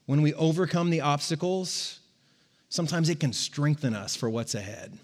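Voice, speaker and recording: A man's voice: on the high side, animated, moderate pace, in a large hall. A man preaching a sermon to a congregation, speaking in a conversational, joking way. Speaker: pastor.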